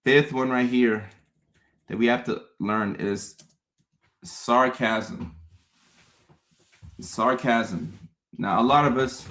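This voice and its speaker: A man hosting a casual live stream, talking straight to his viewers in an animated way, often repeating words and acting out his own confused thoughts. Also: mid-range voice. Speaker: host. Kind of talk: casual livestream talk to viewers.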